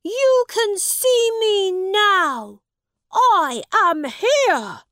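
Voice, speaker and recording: A woman voicing a ragged boy prince who shouts slowly and angrily, close to crying. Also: extremely high pitch, lively intonation, no room sound, pitched above the performer's own voice, heavily acted. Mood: desperate shouting. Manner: shouting, slow and pleading. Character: desperate ragged boy prince, angry and near tears.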